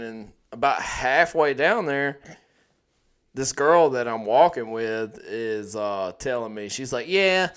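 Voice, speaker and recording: A man's voice: mid-range voice, fairly bright tone, clean tone. Laid-back man rambling crudely. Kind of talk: casual storytelling chat.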